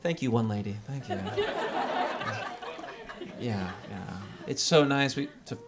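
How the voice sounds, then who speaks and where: A man's voice: takes it slowly, noisy background. A man in his thirties doing a stand-up set at a small restaurant comedy night, talking into a handheld mic. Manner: lively, jumps into high voices for quoted people.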